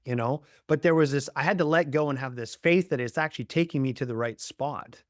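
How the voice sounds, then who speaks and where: A man's voice: a little high, a little fast, few pauses, no room sound, studio quality. A man hosting an interview podcast, talking reflectively and searching for words, often saying "you know" and "like". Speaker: podcast host. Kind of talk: conversational interview.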